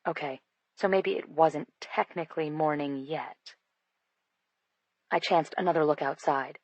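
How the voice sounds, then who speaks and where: Low-voiced woman reading a romance audiobook, dry studio sound, playful delivery. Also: unhurried, long pauses, no room sound, muffled recording. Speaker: audiobook narrator. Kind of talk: first-person scripted narration.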